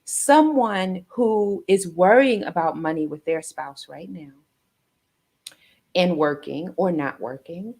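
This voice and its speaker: A woman's voice: lowish voice, takes it slowly, gravelly, darkish tone. A woman hosting an interview over a video call, earnest and rambling, often tagging her points with "right?". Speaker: host.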